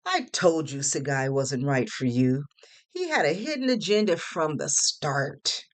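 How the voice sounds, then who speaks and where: A woman's voice: low voice, lively intonation, measured pace. A woman reading the lines of a blunt female friend who is fed up. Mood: exasperated. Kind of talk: audiobook character reading.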